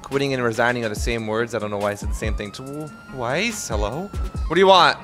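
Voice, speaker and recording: A young man playing a robber in a role-play game, giving excitable, joking commentary to himself while he drives. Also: mid-range voice, fairly quick, over music. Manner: excitable, jokey, talks to himself while driving.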